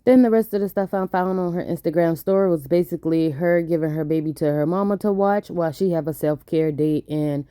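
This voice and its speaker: A woman's voice: lowish voice, brisk, hardly any pauses, dark tone, smooth, no echo, clean studio sound. A woman hosting a gossip vlog, recapping news and reading comments in a laid-back, chatty way.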